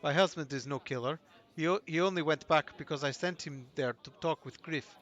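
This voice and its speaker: A man's voice: a little high, fairly quick, a bit bright, close to an everyday voice. A man voicing a defiant tribal wife with a Russian accent, reading game dialogue aloud.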